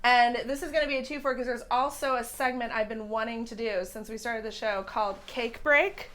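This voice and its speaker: A woman hosting a live comedy talk show from her living room in front of a small audience, bubbly, loud and self-mocking. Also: fairly high pitch, brisk. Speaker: host.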